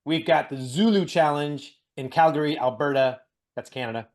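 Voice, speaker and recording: Joking, animated man co-hosting a chat show. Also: a little high, moderate pace. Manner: animated, joking, laughs often. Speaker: podcast co-host. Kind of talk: casual chat.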